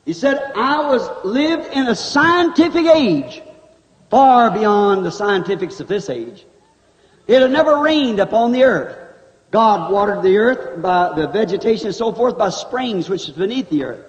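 A man's voice: high voice, very animated, measured pace, highs cut off, voice pushed down. A man voicing a steadfast old male prophet, giving plain, earnest testimony in a sermon, recorded in an echoey hall on old tape.

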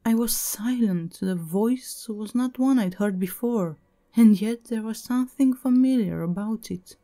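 A woman narrating a first-person horror story in a measured, even storytelling manner. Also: a little high.

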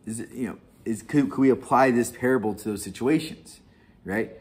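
A man's voice: mid-range voice, moderate pace. A young man casually leading a Bible study, rambling with frequent restarts, laughs and tag questions. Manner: rambling, laughs often, many restarts and "right?".

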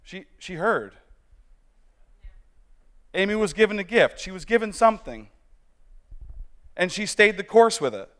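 A man's voice: high-pitched, very animated, measured pace, pauses often, fairly bright tone. A man reading scripture aloud at a church service, plain-spoken, losing his place and correcting himself.

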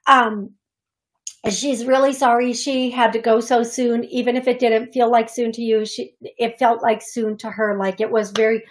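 A woman who hosts a psychic medium radio show, talking chattily and with feeling to a caller, often pausing with fillers. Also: fairly high pitch, steady tone. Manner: chatty, emotional, warm-hearted, uses fillers. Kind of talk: call-in reading on radio. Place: radio studio.

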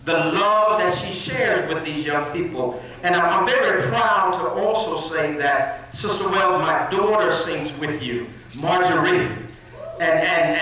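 A man's voice: on the high side, sharp tone, a little hiss or hum. A man addressing a church congregation, leading call-and-response praise and thanking the choir. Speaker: minister. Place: church hall. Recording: echoey church hall from far off.

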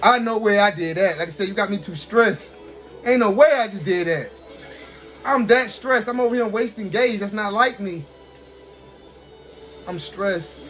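A man with a fairly high voice talks through a fighting game match, excitable and chatty, cheering and scolding the characters on screen. His commentary jumps between calm explanation and sudden loud reactions. Faint music plays behind him. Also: a little slow, pauses often. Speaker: gaming streamer. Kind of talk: casual gameplay commentary.

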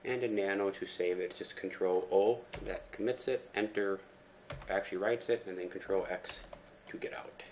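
A man with a very low voice walks through a screen-recorded tech tutorial at an easy pace, explaining each step as he goes with plenty of ums and uhs. Faint noise and keyboard typing sit behind him. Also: moderate pace. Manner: relaxed step-by-step explaining with fillers. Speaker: tutorial presenter.

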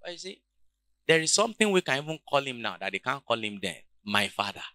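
A man preaching a sermon, calling out questions to the congregation and swinging between quiet, low passages and loud shouts. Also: big pitch swings, quick pace, dry recording. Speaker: pastor.

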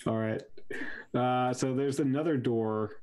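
A man's voice: mid-range voice, steady tone, a little slow, darkish tone. A man playing a tabletop game, chatting in a laid-back, slightly hesitant way. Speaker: player. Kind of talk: casual chat during a tabletop game.

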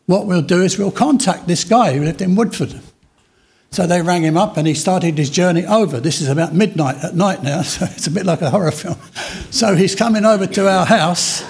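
High, gravelly older man preaching. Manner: storytelling, dramatic slow pauses. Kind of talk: sermon testimony.

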